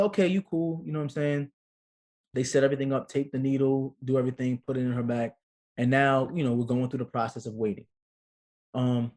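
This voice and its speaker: A man in his thirties, a guest on an interview, telling a personal story casually and acting out the voices of the people in it. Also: mid-range voice. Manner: animated storyteller, acts out quotes. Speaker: guest, actor and father.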